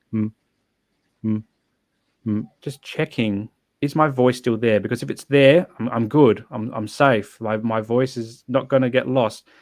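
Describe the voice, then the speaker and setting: A man's voice: medium pitch, vocal fry, no echo. A man telling his personal story as a podcast guest, earnest and reflective, often restarting his sentences.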